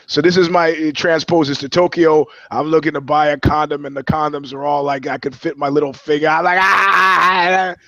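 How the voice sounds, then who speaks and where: Guy riffing crude stories on a podcast, kinda high voice, dry dull sound. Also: fairly quick, vocal fry, hardly any pauses, no echo. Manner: animated, swearing, acts out voices in anecdotes. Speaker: podcast co-host. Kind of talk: profane comedic storytelling.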